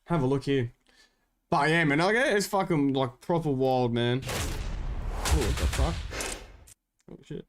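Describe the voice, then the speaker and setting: A man's voice: mid-range voice, measured pace, long pauses. An Australian man streaming, rambling in slangy casual chat with his viewers and swearing a lot.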